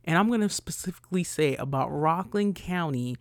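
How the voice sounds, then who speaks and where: A young woman from New ranting bluntly as a podcast host, swearing freely and her voice jumping loud and high when she gets riled. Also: expressive, a little fast, dry recording, clean studio sound. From New York, USA. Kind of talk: casual ranting monologue.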